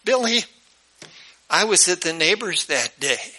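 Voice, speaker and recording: A man's voice: sits high, very animated, measured pace, pushed and bright, exaggerated voice. A man voicing a kind, patient older grandmother in a spoken story. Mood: tender.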